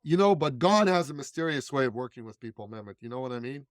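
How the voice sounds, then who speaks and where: A man's voice: mid-range voice, animated, fast, dry recording, studio quality. A man, a business coach and speaker, telling stories emphatically with punchy repetition as an interview guest. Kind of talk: animated storytelling in conversation.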